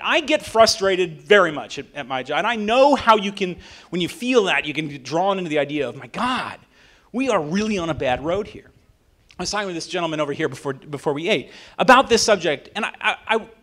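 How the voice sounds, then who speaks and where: Animated man giving a speech. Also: fairly high pitch. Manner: animated, often asks "right?". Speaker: attorney and author giving a talk. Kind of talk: public speech to a dinner audience.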